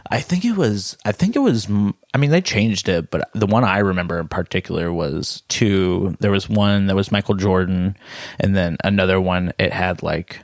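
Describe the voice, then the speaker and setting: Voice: low-pitched, no room sound, studio quality. A podcast co-host chatting casually, rambling with lots of "like" and restarts. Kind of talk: casual chat.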